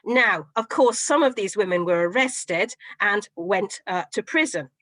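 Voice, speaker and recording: A middle-aged woman professor giving an online history lecture, telling it as a lively story with frequent fillers. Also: medium pitch, a little slow, dry recording, rough recording. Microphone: video call.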